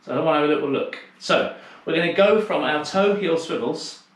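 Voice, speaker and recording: A man's voice: a little high, expressive, brisk, far from the mic. A man teaching a dance class over a video call, calling out steps and chatting with a teasing manner. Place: home room on a video call. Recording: very echoey room.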